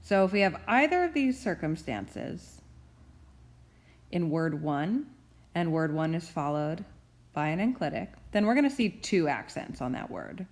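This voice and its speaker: A woman's voice: low-pitched, big pitch swings, unhurried, darkish tone. A woman professor giving a recorded grammar tutorial, explaining each rule patiently and methodically and repeating key terms.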